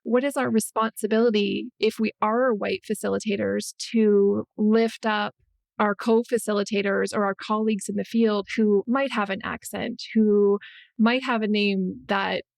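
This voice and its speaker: A woman's voice: medium pitch, fairly even intonation, moderate pace, gravelly, a little mellow, no room sound. A woman hosting an interview podcast, thinking aloud and asking searching questions. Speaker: podcast host. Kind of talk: conversational interview.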